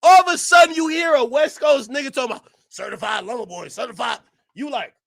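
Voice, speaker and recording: A man ranting loudly and profanely to his chat during a live stream reaction. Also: very high-pitched, lively intonation, moderate pace, gravelly, long pauses, no room sound, studio quality. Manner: loud, profane ranting, often shouting; talks to his chat and laughs between bits.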